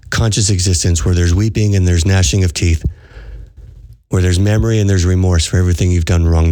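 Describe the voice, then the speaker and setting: Preaching to his podcast audience as a spiritual coach, a man speaks with earnest urgency and repeats phrases for emphasis. His voice is deep and dark, and the recording is dry.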